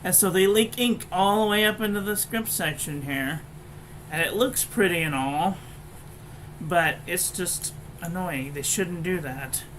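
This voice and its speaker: A woman's voice: on the low side, measured pace, a little hiss or hum, low-quality recording. A woman giving a casual, blunt and frankly profane review of pens and paper. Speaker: stationery reviewer.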